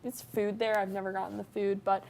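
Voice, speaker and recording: A woman co-hosting a casual podcast chat, upbeat and quick to laugh. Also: mid-range voice, level tone, gravelly, a little mellow. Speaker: podcast co-host.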